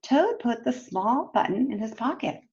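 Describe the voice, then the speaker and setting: A woman teacher reads a storybook aloud to children, turning to them with questions. Her voice is high and lively, moving slowly through the story. The recording sounds dull and lo-fi. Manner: expressive, talks to children directly.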